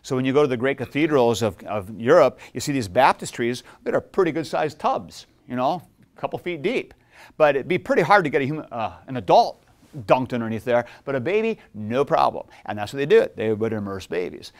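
A middle-aged man teaches a theology class in a classroom, speaking casually to his students. He tells stories with animation and drops jokes along the way, keeping a relaxed, conversational tone. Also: mid-range voice, fairly quick. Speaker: seminary professor.

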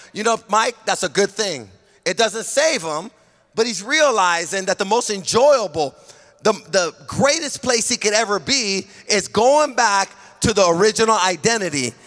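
A man from California, a pastor preaching a sermon with emphatic delivery that often rises to a shout. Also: high voice, big-room sound. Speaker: senior pastor.

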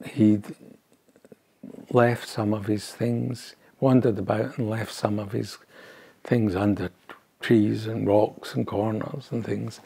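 An older man from Scotland telling a family story in an oral history interview, halting and rambling with frequent restarts. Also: lowish voice, little pitch movement, vocal fry, mellow, slightly rough.

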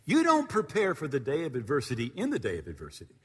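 A middle-aged preacher with a fairly high, husky voice tells a story from the pulpit, his pitch swooping up and down as he acts out each moment. His voice carries through a church sanctuary with a long, ringing reverb. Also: quick pace. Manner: animated storyteller, acting out voices, laughing at own story. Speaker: pastor. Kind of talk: storytelling sermon. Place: church sanctuary before a congregation.

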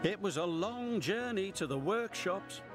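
A man narrating a children's story in an animated, sing-song way, with music behind. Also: high voice, measured pace.

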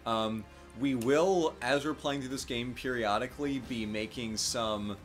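A man co-hosting a live game stream in casual chat, easygoing and quick to laugh, often hedging with ums. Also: medium pitch, soft background music. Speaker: co-host of a history gaming stream.

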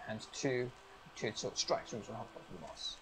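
A man acting as game master on a live stream, explaining each rule of a tabletop game step by step in a brisk, upbeat way. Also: medium pitch, crowd noise, rough recording.

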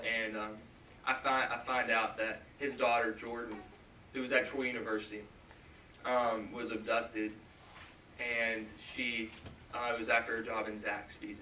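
A man's voice: lowish voice, bright, forceful tone, recorded from a distance, slight background noise. Earnest young man preaching in an echoey hall. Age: 20s. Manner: earnest, halting, with many restarts and asides. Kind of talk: sermon with personal story. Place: large church hall.

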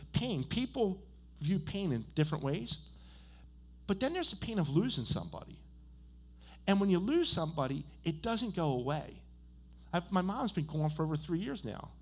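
A man preaching a sermon as a church pastor. He talks conversationally, checks in with "right?" and "okay?", and grows louder and more animated when he tells personal stories. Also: on the high side. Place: church sanctuary.

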